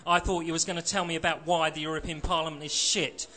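Give me a surly young skinhead lad, as a man reads him, mocking and rough, with a bright voice. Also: on the high side, flat delivery, quick pace. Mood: angry. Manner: mocking, rough working-class speech. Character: surly young male skinhead, cocky and combative.

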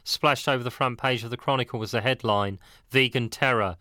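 A man narrating an audiobook in a steady, matter-of-fact reading. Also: medium pitch, fast, dry recording, clean studio sound.

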